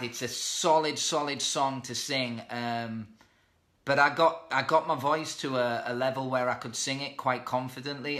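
Thirties male host, self-deprecating live chat, crisp bright voice. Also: mid-range voice. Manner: chatty, reads out viewer comments, self-deprecating. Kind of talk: casual live-stream chat. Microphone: webcam or phone mic.

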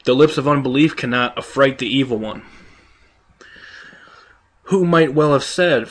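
A man's voice: mid-range voice, measured pace, long pauses. A man reading a sermon aloud in an emphatic, rhetorical manner, building long lists and voicing quoted speakers. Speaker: preacher.

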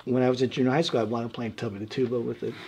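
A middle-aged man from Brooklyn, an interview guest telling lively stories and acting out voices, with lots of "like" fillers. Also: mid-range voice, rapid-fire, breathy edge. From Brooklyn, New York. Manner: animated, acts out voices, many "like" fillers. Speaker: guest musician. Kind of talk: casual interview storytelling.

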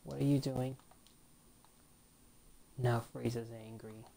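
Low-voiced woman with a gravelly edge. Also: fairly even intonation, takes it slowly, dark tone, a little hiss or hum. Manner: chatty, reacts to the game, reads on-screen text aloud. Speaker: gaming channel host. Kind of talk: let's play commentary.

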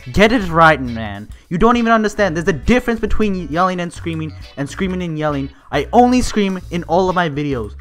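A young man hosting his gaming channel, giving rambling, excitable commentary while he plays and often yells at the game. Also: high voice.

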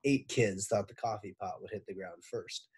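A man, a teacher, reading a children's book aloud with expressive narration. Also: fairly low pitch, moderate pace, breathy edge. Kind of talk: storybook read-aloud.

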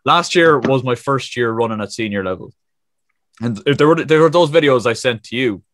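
A man's voice: mid-range voice, expressive, brisk, a bit bright, no echo. A 21-year-old man co-hosting a casual podcast, laid-back, swearing freely and laughing often. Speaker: podcast co-host.

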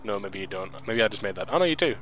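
A man's voice: fairly low pitch, animated, very fast, a bit bright, a little hiss or hum. A man commenting as a friend plays a video game, dry and teasing. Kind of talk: casual let's-play chat.

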